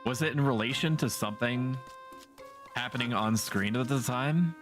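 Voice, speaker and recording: A man's voice: mid-range voice, moderate pace. A man streaming a game, chatting casually with rambling jokes and casual swearing. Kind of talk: casual gameplay commentary. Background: game music.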